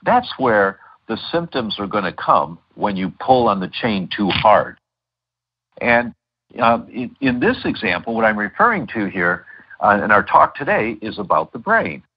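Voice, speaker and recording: A man's voice: lowish voice, very animated, measured pace, husky, highs cut off. A middle-aged man speaking as a guest doctor in an interview, telling stories with many fillers and restarts. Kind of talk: interview over a call.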